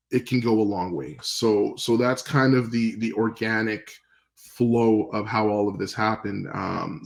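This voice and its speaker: Canadian guy on a podcast, gravelly voice, laid back and rambly, lots of ums, acts out phone calls. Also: on the low side, low-quality recording. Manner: relaxed, rambling with fillers and restarts, acts out past phone calls. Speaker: podcast guest. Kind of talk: casual storytelling interview.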